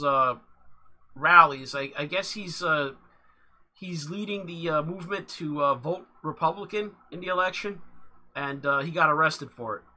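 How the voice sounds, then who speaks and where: A livestream host giving casual live commentary on video clips, halting and full of fillers. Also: mid-range voice, sharp tone. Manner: halting, with many fillers and restarts.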